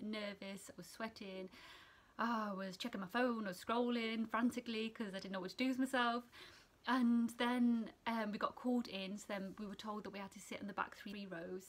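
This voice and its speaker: A young woman student nurse from England, telling a story to camera in a chatty, animated way that keeps going off on tangents. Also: mid-range voice. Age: young adult. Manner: chatty, animated, sidetracks and laughs often.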